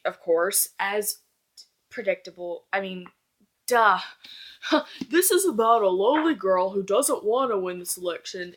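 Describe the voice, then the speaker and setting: A woman's voice: medium pitch, fairly bright tone. A young woman reviewing a book in casual chat, gushing and rambling as she fangirls.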